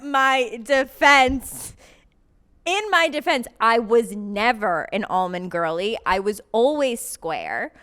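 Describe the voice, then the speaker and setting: A young woman, a podcast co-host, chatting playfully with teasing, quick comebacks. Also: on the high side, animated, pushed and bright, smooth. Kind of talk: casual chat.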